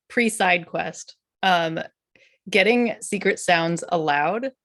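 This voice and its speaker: A woman moderating a casual panel Q&A, relaxed and candid, laughing often. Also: fairly low pitch, no room sound. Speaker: panel moderator reading questions.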